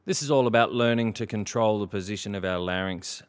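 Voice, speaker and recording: A man leading a singing lesson as a vocal coach, in a relaxed, encouraging way, showing how to sing scales with a yawny sound. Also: lowish voice, fairly quick, clear, resonant tone. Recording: piano accompaniment loud behind the voice.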